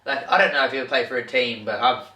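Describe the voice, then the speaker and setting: A young man co-hosting a podcast in relaxed chat, often asking tag questions. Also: mid-range voice, racing, distant mic. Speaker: podcast co-host. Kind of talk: casual chat. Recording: echoey room, away from mic.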